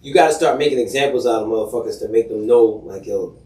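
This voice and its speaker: A man's voice: fairly low pitch, fast, warm tone. A man co-hosting a podcast in casual chat, blunt, slangy and profane. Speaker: podcast co-host. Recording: roomy, distant mic.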